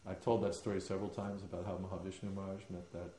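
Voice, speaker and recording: A man with a deep, mellow voice gives a devotional lecture. He tells stories emphatically, pausing on fillers now and then. His voice echoes through a roomy hall. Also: little pitch movement, a little hiss or hum. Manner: emphatic storyteller, hesitant fillers. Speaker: spiritual teacher.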